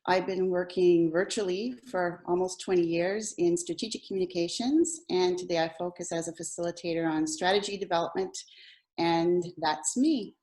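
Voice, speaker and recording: A woman's voice: fairly low pitch, fairly even intonation, moderate pace, darkish tone. A woman facilitator from Canada introducing herself concisely on a webinar panel over a video call.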